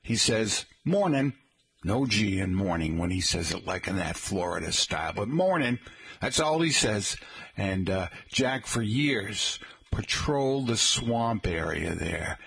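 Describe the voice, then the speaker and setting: A middle-aged man hosting a local radio show, chatting in a folksy way and slowly spelling out details for listeners. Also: low voice, animated, creaky, a bit bright, husky. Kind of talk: casual radio talk. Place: radio studio.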